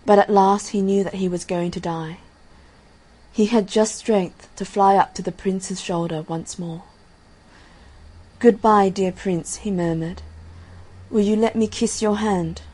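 A woman reading a fairy tale aloud in a gentle, measured way, giving the characters' lines softly. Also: mid-range voice, fairly even intonation, husky, rough recording. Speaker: storyteller. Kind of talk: storybook reading.

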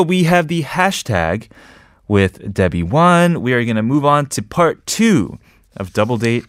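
A man's voice: fairly low pitch, big pitch swings, measured pace, long pauses, no room sound, studio quality. A man hosting a radio show, reading a script and then chatting with jokes and small laughs. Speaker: radio host. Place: radio studio. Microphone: studio microphone.

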